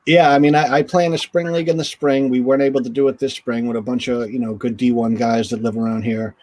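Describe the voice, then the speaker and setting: A man in his forties talks as an interview guest. His voice sits at a middle pitch, and he tells stories in a loose, chatty way, leaning on casual fillers. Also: fast talker. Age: 40s. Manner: chatty, relaxed, full of "you know" fillers.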